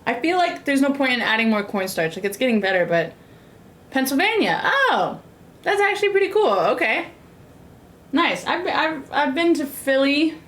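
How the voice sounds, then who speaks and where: While cooking for her viewers, a young American woman keeps up a sassy, rambling live-stream chat heavy on fillers. Her high voice is very animated and a bit bright, moving at a normal speed.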